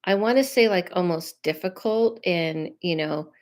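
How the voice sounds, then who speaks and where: A woman's voice: fairly low pitch, unhurried, a little mellow. A woman hosting a live stream as a psychic medium, talking casually and reassuringly and drifting off on tangents. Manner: rambling and chatty, drifting off on tangents; reassuring and conversational, often checking in with listeners. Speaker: psychic medium livestream host. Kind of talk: casual live-stream chat giving readings.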